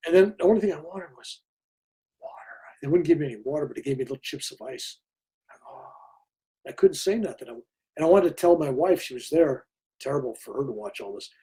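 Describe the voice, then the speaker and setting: Older man, mellow tone, slightly raspy, conversational storytelling, quotes others animatedly. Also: fairly high pitch, a little fast. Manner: animated storyteller who acts out other people's lines. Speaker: interview guest.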